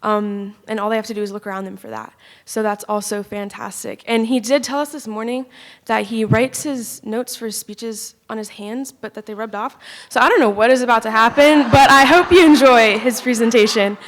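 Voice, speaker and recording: A woman's voice: fairly high pitch, steady tone, moderate pace. A woman introducing a keynote speaker at a conference in a casual way, with filler ums. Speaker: event host introducing the speaker.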